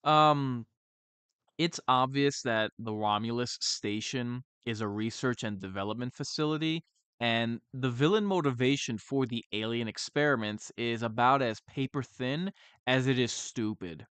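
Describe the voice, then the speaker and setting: A man with a smooth, clear voice delivers a sarcastic, exasperated review, often restarting his sentences. His pitch sits mid-range, and the sound is close and dry. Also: unhurried, fairly bright tone, no room sound. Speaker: horror movie reviewer. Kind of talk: sarcastic film review monologue.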